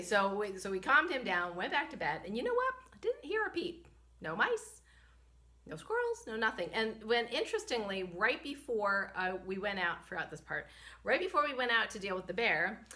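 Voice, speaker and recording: A woman hosting a spiritual medicine vlog, telling a story in an animated, chatty way with many fillers, talking to a camera she holds herself. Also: medium pitch. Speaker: host and spiritual medicine practitioner. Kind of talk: casual storytelling.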